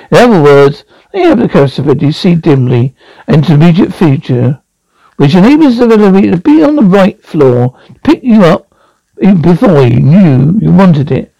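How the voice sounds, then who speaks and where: A man's voice: on the high side, gravelly, warm tone, no echo, rough recording. A man reading a novel aloud as an amateur audiobook, often stumbling and repeating words. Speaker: reader.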